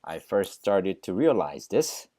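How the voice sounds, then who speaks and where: A man with a Korean accent teaching English, echoing English lines slowly and then explaining them quickly in Korean. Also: low-pitched, big pitch swings, warm tone. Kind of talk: language lesson, repeating and explaining phrases.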